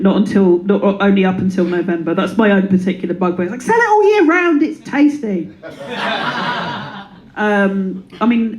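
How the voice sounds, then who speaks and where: A woman's voice: medium pitch, a little mellow, slight background noise, rough recording. A woman in her thirties performing a stand-up comedy set, playful and self-deprecating, slipping into silly voices. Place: comedy club before a live audience. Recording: live room with audience laughter.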